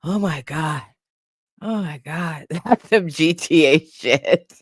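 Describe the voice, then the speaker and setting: A woman's voice: deep voice, slow pace, no room sound, clean studio sound. A woman hosting a casual commentary stream, reading chat comments and laughing often as she reacts. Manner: laughing often, animated, lively. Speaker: host.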